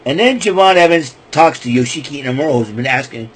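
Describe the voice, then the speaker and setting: A man's voice: medium pitch, expressive, fast talker, husky, rough recording. A man hosting a podcast, casually retelling wrestling events in a loose, rambling way with lots of fillers and restarts. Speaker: podcast host.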